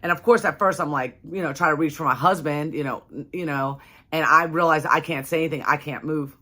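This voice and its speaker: A woman's voice: low-pitched, a little fast, sharp tone. A young adult woman telling a personal story to her viewers in a casual, chatty way, full of "like" and "you know". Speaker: vlogger.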